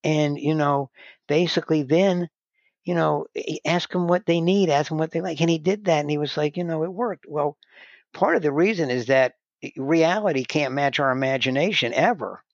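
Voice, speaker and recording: A man's voice: a little high, moderate pace, creaky, no room sound. A man guest telling stories in casual conversation, often restarting his sentences. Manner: rambling, restarts sentences, heavy "you know" filler. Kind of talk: conversational storytelling. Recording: dull lo-fi dry sound.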